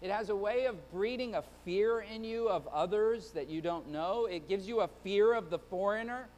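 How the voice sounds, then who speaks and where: A man's voice: sits high, normal speed, a little mellow, big-room sound. A male pastor preaching an earnest Sunday-morning sermon to his church, often stumbling and repeating words.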